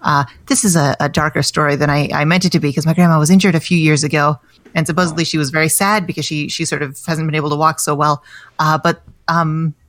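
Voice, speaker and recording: Brief: American comedienne, 30s, low voice, dry close sound, rambling self-deprecating chat. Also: female voice, steady tone, fast, a bit bright, dry recording. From United States. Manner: chatty, self-deprecating, many restarts and fillers. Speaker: comedian guest. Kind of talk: casual podcast chat.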